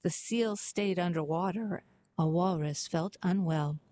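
A woman volunteer reader reciting poems in a measured, expressive way. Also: fairly low pitch. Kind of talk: reading poetry aloud.

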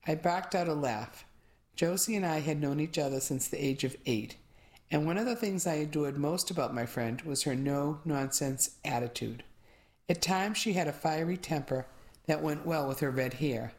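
A woman narrating a short story aloud, steady and clear. Her voice sits low and even as she reads the narration. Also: moderate pace. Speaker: audiobook reader. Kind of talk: audiobook narration.

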